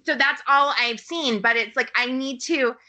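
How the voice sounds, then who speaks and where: Woman, podcast guest, high and bright, excitable rambler. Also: normal speed, low-quality recording. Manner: excitable, rambling, lots of "like" fillers. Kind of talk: casual chat.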